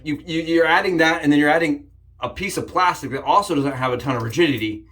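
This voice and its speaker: Jokey guy rambling thru his shave demo, kinda higher voice, gets all excited and squeaky sometimes. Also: quick pace. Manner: upbeat and jokey, with sudden excited jumps in pitch; rambling, with frequent restarts. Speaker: shaving channel host. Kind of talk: casual shave demonstration vlog.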